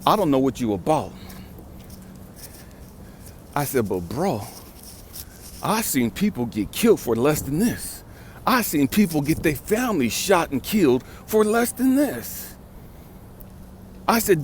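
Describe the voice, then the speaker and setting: A man's voice: on the high side, big pitch swings, a little slow, long pauses, slight background noise. A man in his fifties from California, telling a blunt, profane story with emphatic repetition as a vlogger and life coach. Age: 50s. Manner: emphatic, street-talking, repeats for stress.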